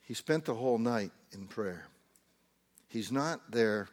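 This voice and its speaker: A man preaching a sermon in church, acting out little voices and dropping from loud to hushed. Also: lowish voice, unhurried. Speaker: pastor.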